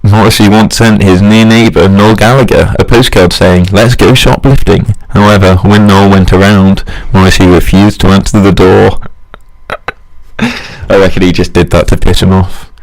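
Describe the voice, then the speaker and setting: A young Englishman talks alone in a loose, meandering monologue. His voice sits very low, with a gravelly, fry-laden edge. He drifts between random facts and jabs at himself, chuckling at his own asides. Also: flat delivery, normal speed. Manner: rambling, self-mocking, chuckles at own jokes. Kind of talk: rambling casual monologue.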